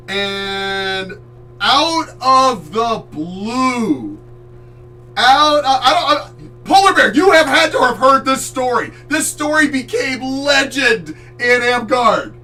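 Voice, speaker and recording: A man from the Chesapeake Bay area tells a story in an animated, loud, foul-mouthed way. His voice sits high and sounds bright, picked up from a distant mic, with faint music underneath. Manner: animated, loud, swears freely, acts out voices. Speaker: streamer host. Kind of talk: casual storytelling.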